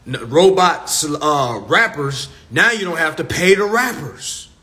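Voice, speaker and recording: A man's voice: on the high side, bright, forceful tone. A man ranting on a livestream, profane and preachy, repeating his points with emphasis. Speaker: social media live host. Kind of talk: unscripted livestream rant. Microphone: phone livestream.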